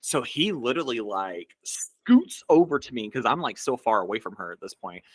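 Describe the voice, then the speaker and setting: A man's voice: medium pitch, sing-song, moderate pace, husky, dry recording. A man co-hosting a podcast, telling a dream story casually in a rambling way with many fillers. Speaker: podcast co-host.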